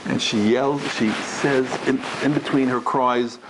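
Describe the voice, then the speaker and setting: Animated middle-aged man telling stories. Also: normal speed, creaky, noisy background. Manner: animated, acts out the people in his stories with big pitch jumps. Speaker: rabbi giving a lecture. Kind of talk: storytelling lecture to a live audience. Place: large room in front of an audience.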